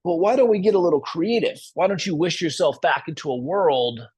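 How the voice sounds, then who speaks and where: A man doing a sly, high-voiced genie. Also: slightly rough, no room sound. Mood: coaxing. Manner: coaxing, drawn-out, high and lively. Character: sly scheming male genie spirit.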